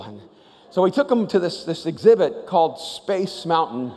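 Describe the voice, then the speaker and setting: A man preaching a sermon as pastor, telling stories with animated asides. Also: on the high side, moderate pace, long reverb tail, background noise. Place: large church auditorium.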